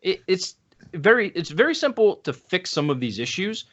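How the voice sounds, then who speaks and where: A man's voice: high-pitched, sing-song, normal speed, fairly bright tone, dull audio. A man hosting a podcast in a casual, conversational way, with plenty of fillers. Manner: conversational, full of "you know" fillers. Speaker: podcast host.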